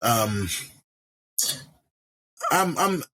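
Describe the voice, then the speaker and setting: Lively-voiced man musing aloud. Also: mid-range voice, drawn-out words. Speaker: podcast panelist. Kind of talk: casual roundtable chat.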